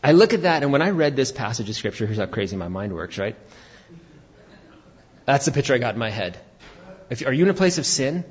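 A pastor preaching an animated sermon, rising to shouts for emphasis. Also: male voice, medium pitch, normal speed, breathy edge, dull audio.

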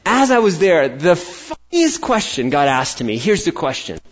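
A man's voice: fairly high pitch, sing-song, moderate pace. An American man preaching a sermon, telling a personal story and acting out the voices he quotes. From United States. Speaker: pastor. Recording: dull lo-fi sound.

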